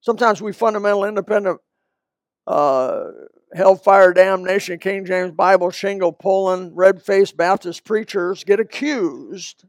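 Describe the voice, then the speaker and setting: An older man, a Baptist pastor, preaching a sermon in a folksy, conversational way with quick asides. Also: high voice, dry recording, clean studio sound. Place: church.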